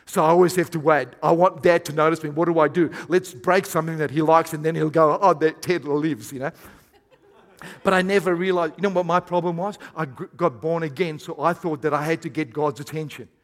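A man preaching a sermon as pastor, swinging between hushed, intimate lines and loud, emphatic bursts. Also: on the high side, fairly even intonation, brisk. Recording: long hall reverb.

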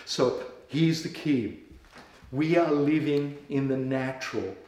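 A middle-aged Australian pastor telling a testimony in a sermon, animated and full of restarts and stammers. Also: male voice, medium pitch, slow, roomy sound. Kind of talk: sermon storytelling.

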